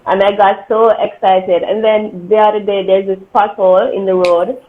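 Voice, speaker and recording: A woman's voice: medium pitch, fairly even intonation, moderate pace. A woman hosts a casual interview, encouraging her guest with frequent short affirmations. Her voice comes through thin and tinny, like a phone line. A light hiss runs underneath. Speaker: host.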